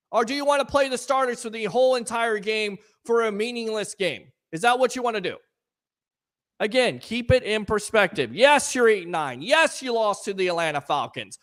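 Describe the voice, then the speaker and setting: A man hosting a live call-in sports talk show, ranting in a fired-up, sarcastic way and shouting at times. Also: very high-pitched. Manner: sarcastic, scolding critics.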